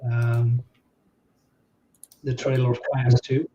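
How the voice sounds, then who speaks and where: A man's voice: mid-range voice, flat delivery, slow, dark tone. A man co-hosting a live stream, agreeing easily and hesitating over his words, with lots of fillers. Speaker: streamer co-host. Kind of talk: casual live-stream chat. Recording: dull lo-fi audio.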